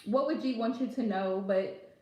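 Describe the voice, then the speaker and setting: Chatty high-voiced woman in an echoey room. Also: moderate pace, dark tone. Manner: chatty, direct, laughs often, calls viewers pet names. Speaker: live tarot reader answering viewer questions. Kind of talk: casual live-stream advice chat.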